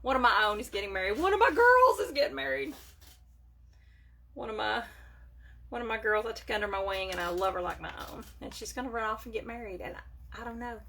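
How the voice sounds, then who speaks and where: A woman's voice: medium pitch, fairly even intonation, quick pace, vocal fry, bright, forceful tone. A woman hosting a casual live makeup stream from home, chatting with viewers and greeting them by name. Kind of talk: casual live chat while doing makeup. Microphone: phone or webcam for a live video.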